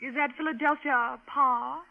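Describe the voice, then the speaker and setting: Woman, English accent, genteel and giggly radio comedy guest; very high voice. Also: fairly even intonation, normal speed, vocal fry. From England. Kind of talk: old-time radio comedy banter. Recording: dull vintage radio broadcast.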